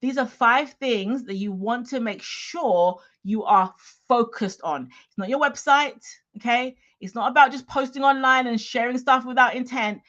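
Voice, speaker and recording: A woman's voice: fairly high pitch, moderate pace, hardly any pauses, fairly bright tone. Woman business coach, livestream talk, punchy, keeps asking the audience "okay?", slightly muffled sound. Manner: emphatic, repeats "okay?" to the audience.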